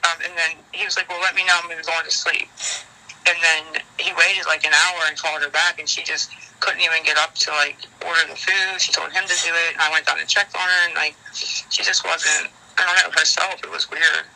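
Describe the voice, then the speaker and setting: Bright, tense woman swearing on the phone. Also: deep voice, fairly even intonation, brisk, creaky, low-quality recording. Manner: frank, swears often, rambling and worried. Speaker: caller in a leaked phone call. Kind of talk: casual phone chat.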